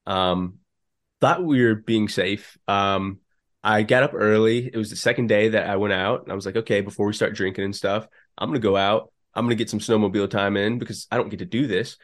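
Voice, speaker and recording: Young male guest, low-pitched, unhurried, talks it through with lots of ums. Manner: relaxed, filler-heavy storytelling. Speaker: podcast guest, business co-founder. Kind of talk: casual storytelling interview.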